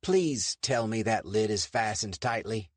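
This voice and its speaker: Man as an earnest American adventurer, insistent, lively delivery, dry audiobook. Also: lowish voice, unhurried, no room sound, pitched above the performer's own voice. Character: determined young American male adventurer.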